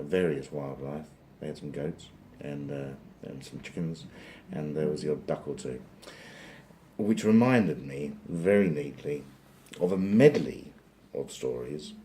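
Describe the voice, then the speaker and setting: A man telling a long, rambling joke, wandering into dry asides along the way. His voice is deep and mellow, with a faint hiss behind it. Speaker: joke teller. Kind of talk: rambling comic storytelling.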